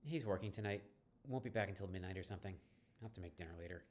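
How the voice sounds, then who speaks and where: A man's voice: low-pitched, racing. A man voicing a bitter young woman who is dismissive of her mother, reading from a text game. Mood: conspiratorial. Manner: flat, dismissive.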